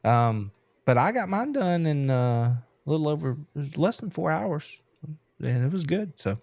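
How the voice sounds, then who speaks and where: A man hosting a casual sports podcast, animated and laughing, with Southern turns of phrase, from Georgia. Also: fairly high pitch, normal speed, creaky, dry recording. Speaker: podcast host. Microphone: headset.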